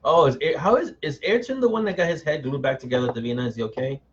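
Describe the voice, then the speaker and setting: A man's voice: a little high, quick pace, a little hiss or hum. Middle-aged guy on a live stream, reading chat and joking around, kinda dull lo-fi audio. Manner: chatty, answers viewers by name, self-mocking. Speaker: author hosting a live chat.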